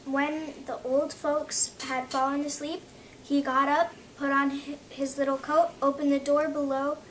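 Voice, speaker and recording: High-voiced woman reading a fairy tale. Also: a little hiss or hum. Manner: halting, with frequent slips and restarts. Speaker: narrator.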